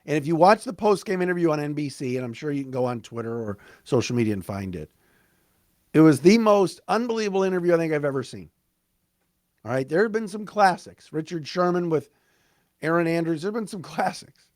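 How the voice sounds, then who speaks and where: A man hosting a solo sports podcast, recapping a game in an excited, emphatic, conversational way. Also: a little high, fairly quick, dry recording, studio quality. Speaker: podcast host.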